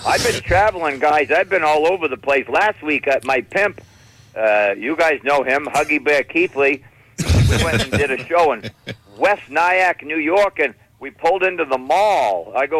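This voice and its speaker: A male comedian, doing stand-up with animated, exasperated storytelling. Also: on the high side, moderate pace, poor audio.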